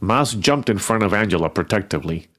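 A man reading first-person fiction in a wry, expressive storytelling manner. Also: fairly low pitch, brisk. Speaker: narrator.

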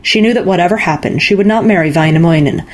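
A woman reading a fairy-tale story aloud in calm, measured narration. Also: fairly low pitch. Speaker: story reader. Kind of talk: scripted narration.

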